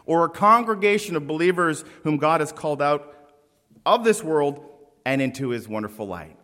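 A man preaching a sermon to his congregation, emphatic and deliberate, with friendly asides to the people in front of him. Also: on the high side, lively intonation, a bit bright. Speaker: pastor. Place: church sanctuary. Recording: long reverb of a church hall.

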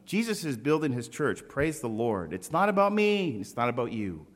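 Emphatic pastor preaching in a reverberant church. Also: male voice, mid-range voice, very animated. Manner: emphatic, slow deliberate phrasing with asides to the congregation. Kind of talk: sermon. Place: church sanctuary. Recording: long reverb of a church hall.

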